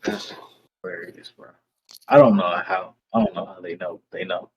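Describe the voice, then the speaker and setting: A man on a podcast reacting to his friends with short, expressive remarks. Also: low-pitched, normal speed, breathy edge, lo-fi sound. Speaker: podcast co-host. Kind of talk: casual chat.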